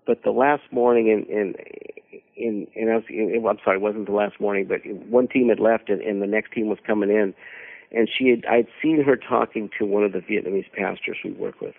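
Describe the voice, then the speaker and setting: A man telling a personal story as a guest on a radio conversation, halting and repeating words as he searches for them. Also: fairly low pitch, steady tone, vocal fry. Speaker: mission team leader, radio guest. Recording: narrow phone-like radio audio.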